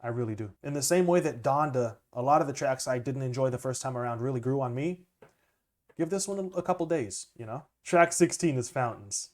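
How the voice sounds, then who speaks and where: A young man, a music producer, chatting casually and excitedly as he reacts to an album, laughing often. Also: mid-range voice, brisk. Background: music playing faintly.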